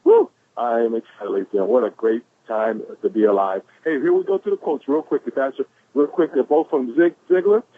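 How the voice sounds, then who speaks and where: A man giving an energetic motivational talk on a conference call, repeating "ladies and gentlemen" and whooping. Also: medium pitch, a little fast, few pauses. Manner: exuberant, shouts "woo", repeats "ladies and gentlemen". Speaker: caller sharing quotes. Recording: phone-line conference call.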